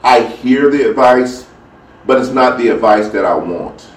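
A man's voice: medium pitch, measured pace. A man giving a casual faith talk, telling a story and acting out the people in it. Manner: animated storytelling, acts out quoted voices. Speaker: speaker sharing a devotional story. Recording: roomy, distant mic with faint background noise.

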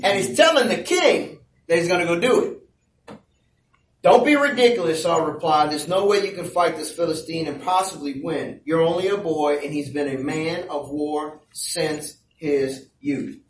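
Animated high-voiced male preacher, storytelling sermon, roomy and distant. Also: normal speed, slight background noise. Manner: animated storytelling with playful asides. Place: church. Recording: echoey room, voice from a distance.

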